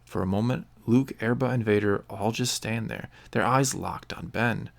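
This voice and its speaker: A man narrating a story aloud in a steady, descriptive way. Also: lowish voice, moderate pace, creaky.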